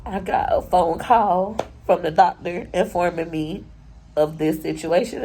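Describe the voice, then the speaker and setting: A woman's voice: on the low side, a little slow, mellow, low-quality recording. A young woman, crying as she talks through a personal vlog, rambling and candid. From Florida. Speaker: YouTuber.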